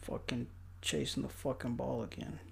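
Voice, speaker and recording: A young man giving casual, profane commentary while watching a movie, mocking it and breaking into loud outbursts. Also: medium pitch, steady tone, normal speed, gravelly, a little hiss or hum.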